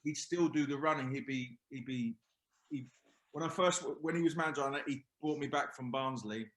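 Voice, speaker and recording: A man's voice: medium pitch, normal speed, a bit bright. A middle-aged man, a former footballer guesting on a podcast, telling rambling stories full of restarts. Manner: rambling, many restarts and quoted asides. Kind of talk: casual chat, storytelling. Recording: roomy echo.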